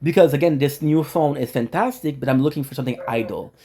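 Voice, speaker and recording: Streaming a game from his apartment, this young man has a fairly high, warm voice and a quick pace, with slight background noise. His chat to camera is rambling and jokey, and he keeps talking to himself.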